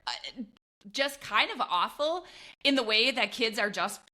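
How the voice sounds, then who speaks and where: Podcast co-host woman, bright and a little high, animated storyteller who laughs a lot. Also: a little slow. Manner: animated, laughs often, acts out her own past voice. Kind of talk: casual chat, storytelling.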